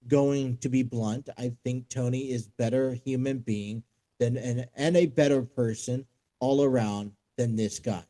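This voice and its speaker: A man hosting a sports talk show, reading out a news story and commenting on it, halting with many fillers and restarts. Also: medium pitch, mellow, low-quality recording.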